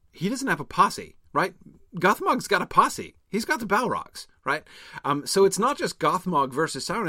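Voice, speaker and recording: A man talks things through in a loose, rambling way, stacking ums and restarts as he works out his ideas. His voice is bright and forceful at a middle pitch. The sound is dry and close. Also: dry recording. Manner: rambling, thinking aloud with many fillers. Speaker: podcast co-host. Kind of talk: casual discussion.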